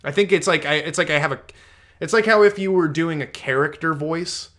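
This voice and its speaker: Podcast co-host, male, fairly high voice, loose rambling chat, cuts himself off and restarts a lot. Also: a little fast, a bit bright. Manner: rambling, self-interrupting, swears casually. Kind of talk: casual chat.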